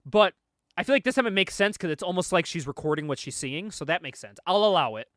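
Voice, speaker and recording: A man's voice: high voice, animated, fast, a bit bright, dry recording, studio quality. A man casually recapping a comic book, laughing often and acting out the lines he quotes. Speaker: podcast co-host.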